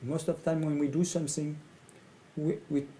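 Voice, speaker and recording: A middle-aged man from France with a French accent, a coach speaking in halting English and often repeating his phrases. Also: a little high, flat delivery, warm tone, a little hiss or hum, poor audio. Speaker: coach and facilitator. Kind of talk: speaking to camera about his training.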